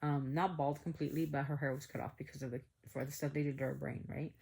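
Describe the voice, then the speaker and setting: Brief: woman vlogger with a low voice, chatty animated storyteller, lots of fillers. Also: quick pace, vocal fry, breathy edge. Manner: animated, acts out quoted dialogue, many "like" fillers. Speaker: family vlogger telling a story. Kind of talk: casual storytelling to viewers.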